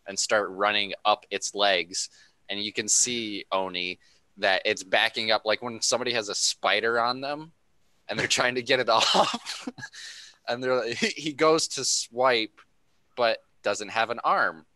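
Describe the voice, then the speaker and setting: A man running a tabletop game, describing mech battles in a bright, forceful voice that sits a little low. He laughs often as he narrates. The sound is dry and close. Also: dry recording, poor audio. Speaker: game master.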